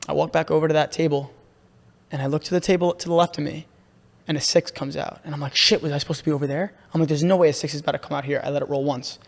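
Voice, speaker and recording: An excitable young man with a fairly high voice tells a story on a casual podcast he hosts, repeating himself and saying "bro" a lot. The room has a long reverb.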